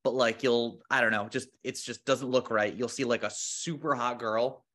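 A man's voice: mid-range voice, fairly even intonation, normal speed, fairly bright tone. Blunt young man from Rhode Island. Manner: candid, blunt, casual. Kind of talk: casual chat.

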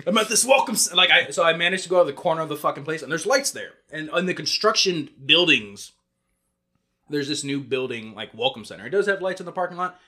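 A man's voice: on the high side, fast talker. A young man casually telling a story on a podcast, swearing freely and acting out what everyone said. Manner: animated, swearing storyteller who acts out quotes. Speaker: podcast co-host.

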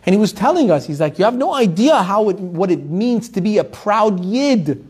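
Animated Jewish storyteller man, high voice. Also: normal speed, husky. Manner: animated storytelling, acting out the people in his stories. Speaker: Torah teacher. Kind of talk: storytelling Torah class.

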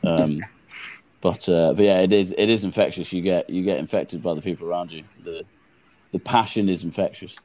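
A man's voice: sits low, steady tone, normal speed, dark tone. A man in a casual group chat who talks eagerly and stammers when he restarts a phrase. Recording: light background noise.

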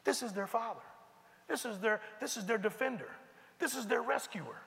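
A high, bright-voiced man preaches to a congregation, moving between reading scripture and lively, casual asides. His voice rings out with a long reverb, as in a large hall or sanctuary. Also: moderate pace, creaky. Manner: animated, conversational, breaks into asides and mimics characters. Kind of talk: sermon, reading and explaining scripture.

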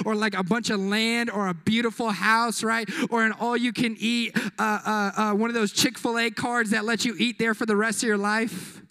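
A man's voice: extremely high pitch, fairly even intonation, moderate pace, gravelly, bright, forceful tone. A young man preaching a casual, joking sermon as youth pastor, full of slang and asides. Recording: echoey hall.

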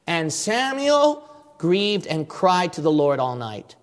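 A man's voice: on the high side, big pitch swings, takes it slowly, big-room sound. A man preaching a fervent sermon as pastor, firing rhetorical questions at his congregation.

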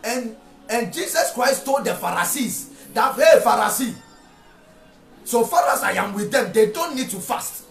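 A man preaching a sermon, repeating phrases and rising to shouted rhetorical questions. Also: very high voice, animated, normal speed, creaky. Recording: echoey room with faint music.

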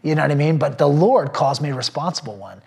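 A man's voice: a little high, lively intonation, fast, gravelly, darkish tone. A man, a pastor, sharing a personal testimony with a small group, earnest and rambling with many fillers and restarts, emotional at times. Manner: emotional when telling faith stories.

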